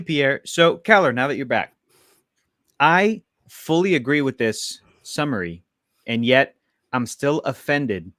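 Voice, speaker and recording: A man's voice: medium pitch, fairly bright tone, no room sound. Playful male podcast host, dry sound. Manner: playful, laughs often, rambling restarts. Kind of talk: casual comedic chat.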